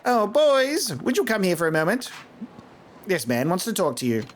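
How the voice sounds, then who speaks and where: A man's voice: high-pitched, huge pitch swings, moderate pace, noisy background, pitched above the performer's own voice. A man voicing a brash, scheming older woman fortune teller from a video game, reading her lines in a haughty, smug tone.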